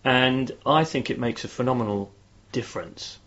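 A man's voice: medium pitch, normal speed, creaky, fairly bright tone. A man explaining how negative phrasing works, in a conversational tone, sometimes leading a group experiment with enthusiasm. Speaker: guest speaker on performance psychology. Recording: dull lo-fi sound.

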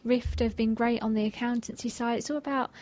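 A woman's voice: on the high side, steady tone, fairly quick, a little mellow, muffled recording. A woman business owner guesting on a radio chat, upbeat and enthusiastic.

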